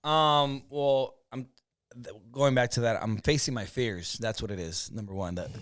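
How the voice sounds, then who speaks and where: Male comedian guest, mid-pitched, relaxed and slangy, dry mic. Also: moderate pace, no echo. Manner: laid-back, repeats "for sure", slangy. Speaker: podcast guest, comedian and actor. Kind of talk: casual interview chat.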